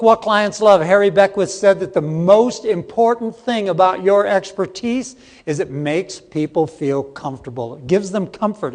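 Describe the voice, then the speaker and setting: A man's voice: high voice, a little mellow. A middle-aged man giving a live training seminar, joking and quizzing the audience, recorded in a conference hall. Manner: jokey, interactive with the audience. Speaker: seminar presenter. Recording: long hall reverb.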